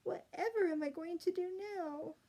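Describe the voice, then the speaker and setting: A woman's voice: extremely high pitch, moderate pace, warm tone, voice pushed up. A woman voicing a spirited young princess who sobs and flares up in a storybook reading. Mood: sobbing. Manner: emotional, sobbing and flaring. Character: young runaway princess, girl, spirited and tearful.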